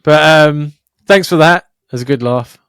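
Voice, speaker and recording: A man's voice: on the high side, normal speed, smooth, no room sound, clean studio sound. Sweary man telling stories. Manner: sweary, animated storytelling. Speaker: podcast co-host. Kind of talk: casual podcast chat.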